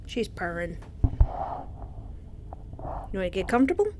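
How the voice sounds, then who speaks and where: A woman's voice: medium pitch, big pitch swings, normal speed, darkish tone, a little hiss or hum. A woman streaming a game playthrough, chatting casually and reading the dialogue aloud. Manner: chatty, reads game dialogue aloud and coos to her cat.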